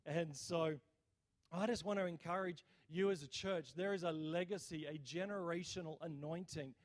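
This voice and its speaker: A man's voice: a little high, moderate pace. A man, a visiting preacher leading a healing prayer and sermon in a church, energetically rallying the crowd for responses. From Australia. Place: church service.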